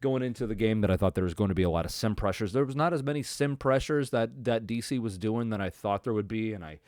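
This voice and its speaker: A man hosting a podcast, giving a casual, profane football recap that swings from loud frustrated outbursts to low mutters. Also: quick pace, no room sound, clean studio sound. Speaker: podcast host. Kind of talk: casual ranting sports recap.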